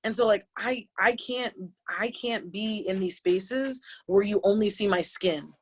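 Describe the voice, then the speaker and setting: A woman in her late twenties, a yoga teacher speaking on a panel, talking through tears in an impassioned, halting way with many restarts. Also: medium pitch, husky. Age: late 20s. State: crying, tearful. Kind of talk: emotional personal testimony on a panel.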